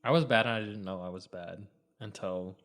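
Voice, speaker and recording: A man's voice: on the low side, moderate pace, a bit bright. A young adult man co-hosting a casual podcast, laughing often and joking at his own expense while recalling childhood mischief. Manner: laughing, self-mocking. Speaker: podcast co-host. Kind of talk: casual chat.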